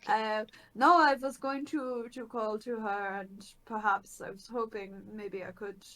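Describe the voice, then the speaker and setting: Higher-voiced woman playing a tabletop game. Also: steady tone, a little slow, a bit bright, poor audio. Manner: chatty, laughs easily. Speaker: player. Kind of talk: casual tabletop game play.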